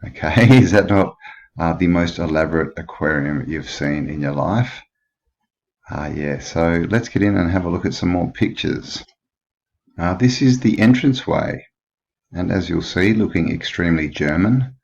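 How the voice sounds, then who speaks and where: A man's voice: sits low, moderate pace, gravelly, a little mellow, highs cut off. A man hosting a casual history commentary, chatty and questioning, with frequent filler words. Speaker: channel host.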